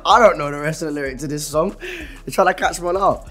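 A man's voice: on the high side, fast talker, a bit bright, soft background music. A young man, chatting casually while playing a lyrics game, laughing often and apologizing. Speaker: musician guest.

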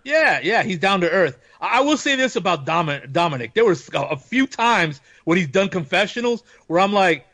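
A man in casual podcast chat, animated and laughing often, sometimes slipping into playful quoted voices. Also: high-pitched, moderate pace, few pauses, no echo. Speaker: podcast guest.

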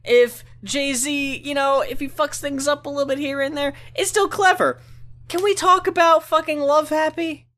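A woman in casual review chat, animated, blunt and freely swearing. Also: high-pitched, normal speed.

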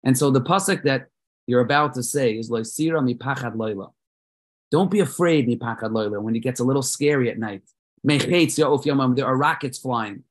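A man hosting a children's prayer event, telling a story with dramatic swings between loud and soft. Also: medium pitch. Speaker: host leading children in prayer.

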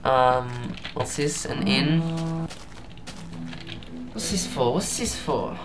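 Young guy rambling thru a game, slow easygoing talk, thinks out loud. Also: mid-range voice, expressive, over music. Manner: rambling, unhurried, thinking aloud. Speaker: let's play gamer. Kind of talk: casual gameplay commentary.

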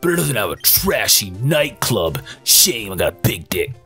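A man's voice: fairly low pitch, sing-song, moderate pace, bright, forceful tone, slightly rough, soft background music, pitched below the performer's own voice, full character voice. A man voicing a crude old townsperson. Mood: deadpan.

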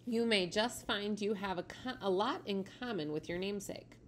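A woman's voice: mid-range voice, normal speed, slight background noise, close to an everyday voice. A woman voicing a helpful, encouraging librarian in a read-aloud storybook.

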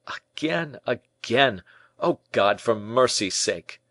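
A man's voice: animated, measured pace, a bit bright, no echo. A man reading an audiobook, voicing a young imprisoned prince who pleads passionately and is full of distrust. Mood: anguished. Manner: pleading, impassioned, rising pitch.

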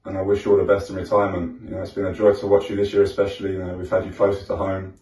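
A man's voice: low voice, completely flat delivery, very fast, mellow. A man sending a sincere, casual video message of congratulations. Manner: sincere, with small restarts. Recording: echoey room, mic at a distance.

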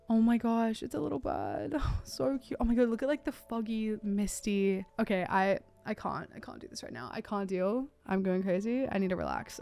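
A young Australian woman giving excited, gushing commentary as she plays a horse-riding game, full of "oh my god" and "like". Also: medium pitch. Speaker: gaming YouTuber. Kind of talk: casual gameplay commentary.

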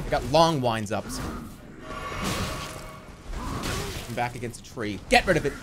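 A man streaming a video game, casually chatting and telling a long, excitable story, swinging from low mumbles to yelps. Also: slow, long pauses, music in the background. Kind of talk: casual gameplay commentary.

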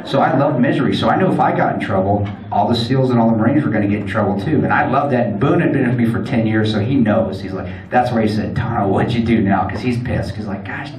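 A man's voice: fairly low pitch, darkish tone, recorded from a distance, a little hiss or hum. Blunt joking man in an echoey hall. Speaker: guest speaker. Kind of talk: storytelling speech to an audience. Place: event hall.

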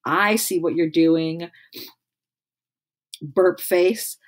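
A woman's voice: fairly low pitch, drawn-out words. Bossy older girl, scolding, tattling, storybook read-aloud, a woman putting her on.

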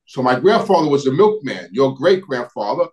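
A man's voice: medium pitch, very animated, moderate pace, a little mellow, rough recording. A middle-aged man, telling old neighborhood stories in a rambling way, restarting sentences and searching for names. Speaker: guest recounting family history. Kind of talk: casual storytelling conversation.

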